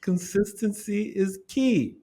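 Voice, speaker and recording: On an indoor recording set, a podcast co-host with a high, warm voice speaks slowly while teasing his partner. Their casual banter is full of his laughter and free swearing.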